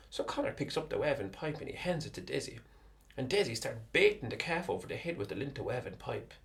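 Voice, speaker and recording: Lively Irish yarn-spinner, chatty. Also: male voice, medium pitch, fast talker, gravelly. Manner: chatty, digressive, animated. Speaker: storyteller. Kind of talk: comic yarn telling.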